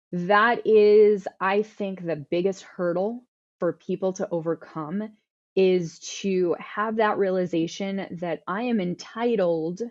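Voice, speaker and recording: A woman in her thirties speaks in a lowish voice, earnest and thoughtful, often repeating words as she restarts. Her audio sounds dull and lo-fi, like a remote interview recording. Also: a little mellow. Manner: earnest, self-correcting with repeated words and fillers. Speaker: guest author. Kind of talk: conversational interview answers.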